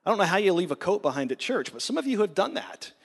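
A man's voice: high voice, sing-song, quick pace, vocal fry, in a large hall. A male pastor giving informal church announcements in a friendly way. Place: church sanctuary.

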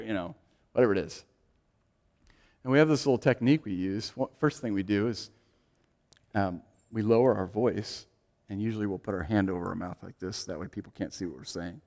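A man preaching a sermon, swinging from loud, emphatic lines to hushed, quiet ones. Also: fairly low pitch, brisk. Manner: dynamic, shifting from loud to hushed. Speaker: pastor.

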